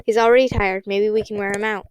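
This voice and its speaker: A woman's voice: mid-range voice, steady tone, quick pace, a little mellow, smooth, natural voice. Woman reading a determined boy who urges his friends on. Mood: somber. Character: brave determined boy leader.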